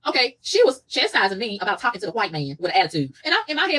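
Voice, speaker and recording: A woman telling a story in an indignant, animated rant, acting out the people she quotes. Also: mid-range voice, very fast, hardly any pauses, husky, low-quality recording. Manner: animated, indignant, quotes others in mock voices. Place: room in a shared house.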